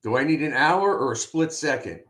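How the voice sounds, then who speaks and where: A man's voice: on the high side, lively intonation, normal speed, fairly bright tone. A man giving blunt, opinionated takes in a casual sports chat. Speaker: podcast co-host, analyst.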